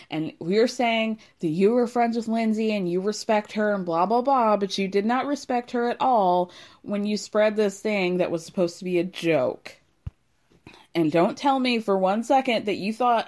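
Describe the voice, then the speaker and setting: Young woman host, lively sarcastic recap talk with lots of swearing and quoted lines. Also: mid-range voice, unhurried. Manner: animated, sarcastic, swears freely, acts out quotes. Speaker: podcast host recapping a reality show. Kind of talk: casual recap commentary.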